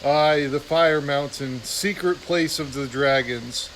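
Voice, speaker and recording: A man's voice: on the high side, slow pace, fairly bright tone, a little hiss or hum, rough recording. Man reading as Bella, a grave old badger. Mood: wistful. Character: wise old female badger, grave and earnest. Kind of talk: reading a novel aloud.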